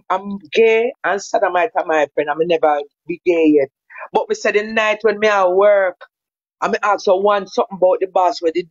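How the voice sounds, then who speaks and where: A man's voice: high voice, no room sound. A man on a livestream call, coaxing and stammering as he repeats himself. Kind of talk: pleading casual chat. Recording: dull lo-fi dry call audio.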